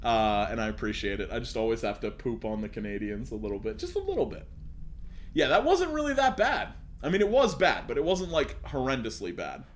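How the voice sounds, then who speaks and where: A man's voice: mid-range voice, sing-song, fairly quick, hardly any pauses, slight background noise. A young man streaming live, reading a story aloud and breaking off to joke, laugh and talk to his chat. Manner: laughing, mocking, swearing, talks to chat. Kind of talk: casual reading with joking asides.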